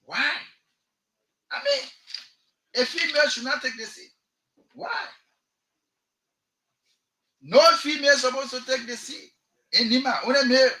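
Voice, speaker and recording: Liberian radio host guy, really high bright voice, fired up, keeps asking why, echoey studio. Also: animated, normal speed, pauses often. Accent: Liberian English. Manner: impassioned, rhetorical, repeats questions. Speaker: radio talk show host. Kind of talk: political commentary monologue.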